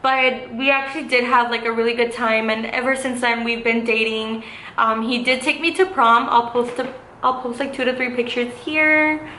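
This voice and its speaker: A woman's voice: on the high side, fairly even intonation, normal speed, sharp tone. A young adult woman vlogger telling a casual story, chatty and full of fillers like "like" and "um". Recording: echoey room with faint hiss.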